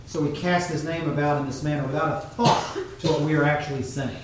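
A man preaching a sermon in a measured teaching tone, pausing often with fillers. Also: on the high side, fairly even intonation, very noisy. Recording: very echoey room, mic far off.

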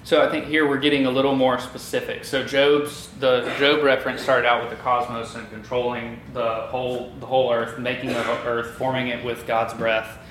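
A man's voice: medium pitch, flat delivery, moderate pace, few pauses, a bit bright. Man teaching a Bible study, echoey room. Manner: thoughtful, with frequent fillers and restarts. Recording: echoey room with light noise.

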